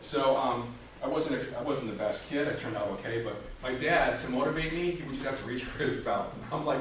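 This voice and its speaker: A man's voice: mid-range voice, brisk. A man giving a comedic motivational talk to a staff audience, joking and conversational, asking the room rhetorical questions. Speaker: motivational speaker. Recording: very echoey room, mic far off, background noise. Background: audience laughter.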